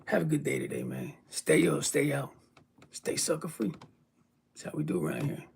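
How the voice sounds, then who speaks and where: A man's voice: mid-range voice, wildly swooping pitch, normal speed, slight background noise. A worn-out, ill man talking casually and emotionally to his viewers, rambling and swearing freely. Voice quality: gravelly. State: weary and ill. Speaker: vlogger. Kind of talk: casual vlog talk to viewers.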